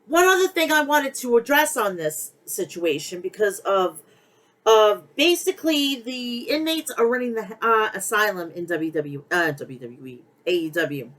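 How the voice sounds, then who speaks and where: A woman's voice: medium pitch, animated, unhurried, a bit bright, rough recording. A middle-aged woman hosting a podcast, ranting bluntly and heatedly about pro wrestling with heavy swearing. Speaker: podcast host. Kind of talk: wrestling opinion rant.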